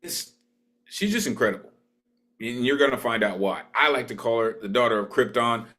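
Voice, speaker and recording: A man's voice: medium pitch, expressive, moderate pace, fairly bright tone. A man hosting an online open mic over a video call, introducing poets with emphatic, repetitive praise.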